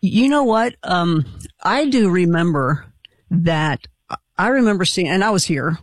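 Host, conversational, affirming, dry close sound, mid-pitched. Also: lively intonation, unhurried, no echo. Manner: responsive, affirming. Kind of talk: conversational interviewing.

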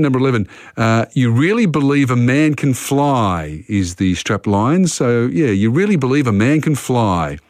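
A man's voice: mid-range voice, a little mellow, no room sound, studio quality. Chatty man hosting radio quiz. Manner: chatty, reads questions then talks them through. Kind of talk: casual radio quiz chat.

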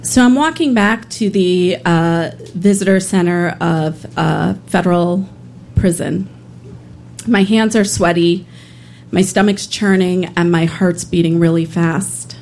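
A woman's voice: lowish voice, takes it slowly, a little mellow. A woman who works as a public defender, telling a personal story on stage in an earnest way with a few hesitations.

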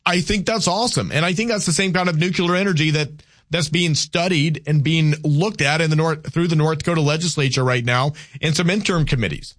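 A man's voice: fairly high pitch, a little fast, a bit bright, dry recording, studio quality. A Southern American man hosting a call-in radio talk show, talking with many restarts and repeated words, and arguing firmly with callers.

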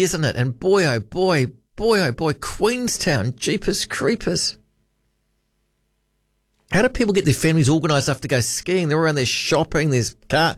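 A man's voice: a little high, no room sound, studio quality. A man with a New Zealand accent hosting late-night talkback radio, chatty and rambling, often correcting himself mid-sentence. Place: radio studio.

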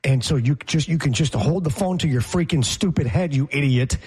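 Husky-voiced man ranting sarcastically. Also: on the high side, brisk, darkish tone. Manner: sarcastic, mocking rants. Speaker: podcast co-host. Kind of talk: casual chat.

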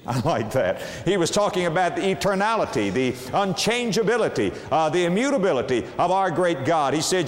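A man preaching a sermon, slow and emphatic, with long dramatic pauses on key words. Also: on the high side, expressive, long reverb tail.

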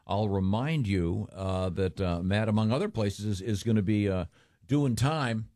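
A middle-aged man hosting a podcast, talking in a relaxed, rambling way with restarts. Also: fairly low pitch, measured pace, no echo, studio quality. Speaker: podcast host. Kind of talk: casual chat.

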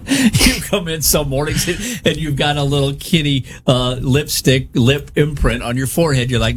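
A man's voice: medium pitch, a little fast, music in the background. A middle-aged man hosting a radio show, joking and teasing his co-host while reading out survey results. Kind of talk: morning radio banter.

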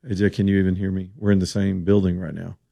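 A man's voice: sits low, flat delivery, fast, vocal fry, mellow. Opinionated man hosting talk radio. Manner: opinionated, rambling, sarcastic asides. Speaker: radio talk show host. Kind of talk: casual political commentary.

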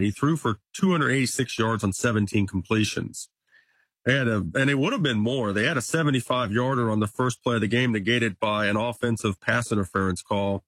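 Guest sports reporter, male, husky voice, dry sound, chatty and numbers-driven. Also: medium pitch, fairly bright tone, no room sound. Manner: stat-heavy, conversational, occasional restarts. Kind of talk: casual sports analysis.

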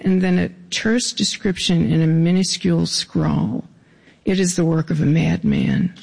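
A man's voice: high voice, vocal fry, darkish tone. A man reading his stories aloud to an audience, with wry, dry asides. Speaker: reader.

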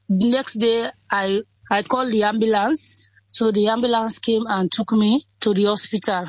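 A woman in her twenties from Sierra Leone, with a Sierra Leonean accent, speaks in a fairly high voice. Her sentences are short and halting, and she often says things twice. The sound is dry and close. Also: fairly even intonation, no room sound, poor audio. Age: 20s. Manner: simple halting sentences, repeats herself. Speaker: interviewee, Ebola survivor. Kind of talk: interview over a phone or call.

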